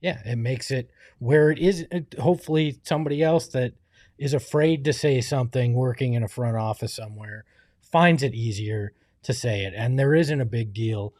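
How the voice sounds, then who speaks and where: A man's voice: mid-range voice, moderate pace, darkish tone, no room sound, clean studio sound. A man co-hosting a casual sports talk show, earnest and joking by turns. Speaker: co-host.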